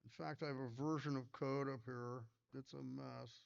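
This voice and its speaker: An older man tells stories at a conference talk, his voice gravelly yet smooth and resonant. He rambles, restarts and fills pauses with ums and uhs. The recording is dull and lo-fi. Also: mid-range voice, flat delivery. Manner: rambling, anecdotal, many fillers and restarts. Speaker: pinball designer giving a talk.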